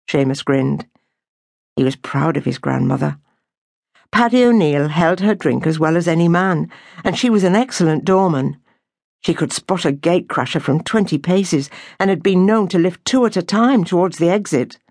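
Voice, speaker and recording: A woman reading an audiobook novel aloud in a measured, unhurried storytelling manner. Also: on the low side, gravelly, a little mellow, no room sound, studio quality. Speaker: audiobook narrator. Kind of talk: scripted narration.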